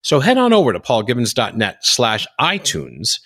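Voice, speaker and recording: A man's voice: mid-range voice, huge pitch swings, moderate pace, a bit bright. A man in his fifties hosting a podcast, chatting casually and rambling through a closing monologue. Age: 50s. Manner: chatty, rambling, shifts between accents. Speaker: podcast host.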